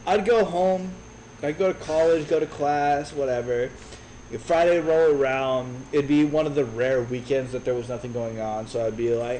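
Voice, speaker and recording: A man in his thirties telling a brash, profane story in a casual, animated way. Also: on the high side, normal speed, slight background noise, rough recording. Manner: brash, profane, animated retelling with quoted voices. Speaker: streamer.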